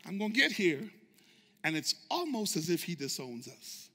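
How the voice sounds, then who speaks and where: A man preaching a sermon as pastor, shouting fervently and calling out to his congregation for responses. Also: high-pitched, sing-song, moderate pace. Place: church sanctuary. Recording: echoey church sanctuary reverb.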